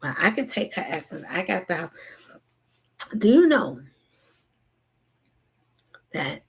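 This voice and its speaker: A woman delivering a spiritual message in a rhythmic, repetitive way, slipping between whispers and loud asides. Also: fairly low pitch, very animated, takes it slowly, breathy edge. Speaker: spiritual channel host.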